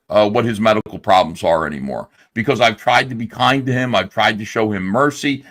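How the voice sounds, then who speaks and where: A man's voice: medium pitch, fairly bright tone. Blunt, rambling male livestream host. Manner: blunt, profane, rambling with fillers. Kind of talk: heated casual chat.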